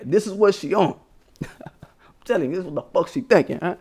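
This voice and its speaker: Young American male stream host, somewhat high voice, profane and emphatic, laughs with scorn. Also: animated, fairly quick, a little mellow, slightly rough. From United States. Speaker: livestream host. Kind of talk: casual political rant.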